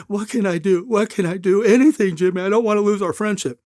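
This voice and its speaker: Guy putting on a panicky young dude begging forgiveness, voice cranked way up high and strained. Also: fast, darkish tone, no room sound, clean studio sound, lightly acted. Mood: pleading. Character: desperate young man begging a friend's forgiveness.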